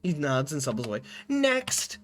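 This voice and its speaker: At a moderate pace, a medium-pitched game streamer chats animatedly with huge swings in pitch while playing on a live stream. The talk is casual, with frequent laughter and restarted sentences.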